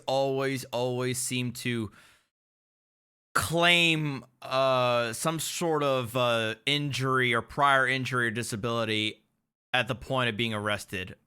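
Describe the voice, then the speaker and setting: Sardonic man with a very bright, smooth voice. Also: mid-range voice, unhurried. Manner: sardonic, incredulous asides. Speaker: attorney reacting to clips. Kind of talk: livestream commentary.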